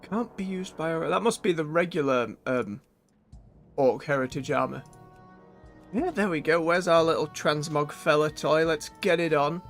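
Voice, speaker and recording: Brief: male game streamer, slightly high voice, relaxed running commentary, faint music behind. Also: normal speed. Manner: chatty, thinks aloud, self-correcting.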